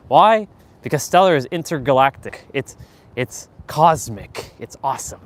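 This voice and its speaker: Blunt, swearing man with a slightly high voice. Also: lively intonation, moderate pace. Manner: blunt and profane, acting out quoted small talk. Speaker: host of a daily motivational live stream. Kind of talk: casual motivational monologue.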